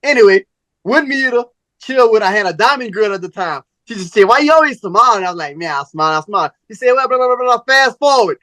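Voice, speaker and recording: A man's voice: high-pitched, fast talker, dry recording. A male podcast host telling a long personal story in casual chat, acting out each side of the conversation with plenty of profanity. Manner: animated, profane storyteller, acts out both sides of conversations.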